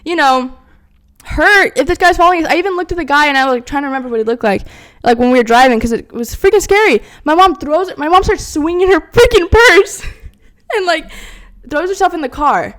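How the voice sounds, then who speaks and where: A young woman in her twenties, co-hosting a podcast and telling a story in a fast, animated way, full of fillers. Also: sits high. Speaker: podcast co-host. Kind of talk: casual chat, storytelling.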